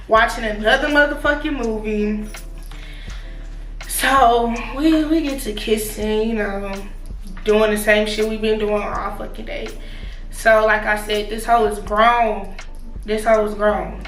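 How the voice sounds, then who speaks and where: A young woman telling a frank, profane personal story straight to her viewers, animated, laughing and sometimes dropping to a near-whisper. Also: on the high side, roomy sound. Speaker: vlogger. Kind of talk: casual storytime.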